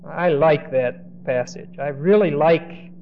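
Slow and deliberate, a man with a high voice gives expository Bible teaching, moving verse by verse and animatedly voicing what the people in the passage say. He trips over repeated words when starting a new idea, and the lo-fi recording sounds muffled, with light hiss in the background.

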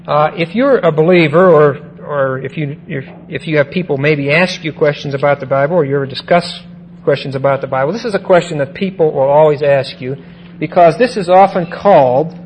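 This Bible teacher's voice sits fairly high but carries a darkish tone as he delivers a measured sermon-style lesson from Scripture. Key phrases come back again and again, punctuated by frequent checks of "okay?", over a faint hum on a low-quality recording.

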